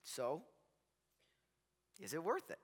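Preaching in a large church sanctuary where the sound rings with long reverb, this pastor uses a fairly high, slightly rough voice with huge pitch swings and a slow pace. His sermon feels conversational and playful, and he frequently asks the congregation "right?"

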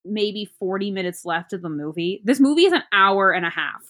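A woman's voice: mid-range voice, lively intonation, fairly bright tone. Rambling woman recapping a film. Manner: rambling, halting, with many fillers. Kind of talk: casual movie review chat.

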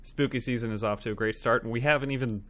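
A man's voice: medium pitch, steady tone, quick pace, a bit bright. A man co-hosting a movie podcast, easygoing and enthusiastic in casual chat. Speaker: podcast co-host.

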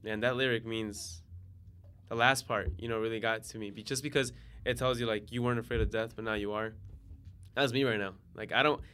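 A man in his twenties, a guest on a casual podcast, telling laid-back, slangy stories that get animated. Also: fairly low pitch, fairly quick, smooth. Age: 20s. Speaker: guest, DJ and software engineer.

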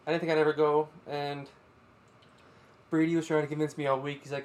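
A man's voice: medium pitch, level tone, quick pace. A man on a casual podcast telling his friends a laid-back story, swearing as he goes. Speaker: podcast co-host. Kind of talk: casual chat.

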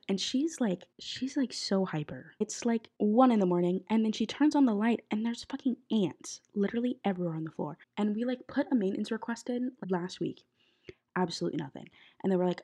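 A young adult woman hosts a podcast from her college apartment bedroom, chatting casually with lots of fillers while sounding a bit sick. Her mid-range voice is mellow with a breathy edge, lively in intonation, and fairly quick.

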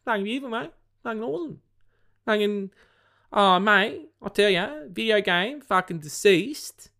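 A man's voice: high-pitched, animated, normal speed, pushed and bright, pitched above the performer's own voice, full character voice. A man with an Australian accent putting on an exaggerated, swearing Aussie bloke for a joke. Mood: boisterous. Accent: broad Australian. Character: over-the-top swearing Aussie bloke, male adult. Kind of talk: joking put-on voice in podcast chat.

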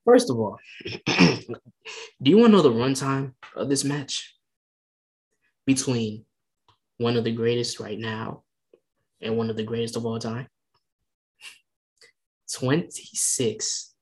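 A wrestling fan on a casual rant. The speaker is heated and swears a lot, and keeps rising into emphatic bursts while trying to stay calm. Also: medium pitch, measured pace, pauses often, low-quality recording.

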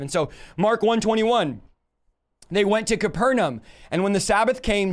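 A man's voice: sits high, smooth. A man preaching a live-stream Bible teaching, emphatic and full of rhetorical questions to his audience.

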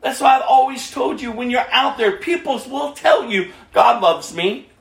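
A man preaching a sermon as pastor, impassioned and full of rhetorical questions, dropping from loud to hushed. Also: extremely high pitch, normal speed, creaky, roomy sound.

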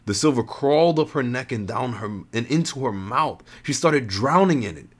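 A man's voice: mid-range voice, animated, normal speed. A man reading a first-person story in an earnest voice, often stopping to restart and reread lines.

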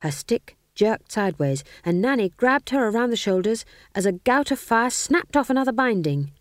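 A woman narrating an audiobook in an expressive, measured reading. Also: on the high side, no room sound, studio quality. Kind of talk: scripted narration.

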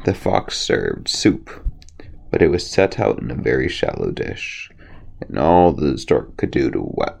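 Very deep gravelly man reading fables. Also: darkish tone. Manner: slow, with frequent slips and restarts. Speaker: storyteller.

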